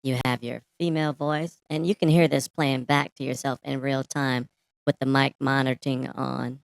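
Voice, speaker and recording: A man's voice: medium pitch, level tone, moderate pace, gravelly, clear, resonant tone, no room sound, pitched above the performer's own voice. A man talking through a mixer's female voice-changer effect, explaining its features in plain demo talk. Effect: voice changer set to female.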